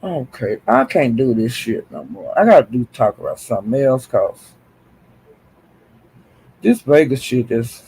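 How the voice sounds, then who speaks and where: Male livestream host, raspy and gravelly, dramatic and exasperated gossip tone. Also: mid-range voice, big pitch swings, unhurried, dark tone, rough recording. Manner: exasperated, dramatic, sighs and exclamations.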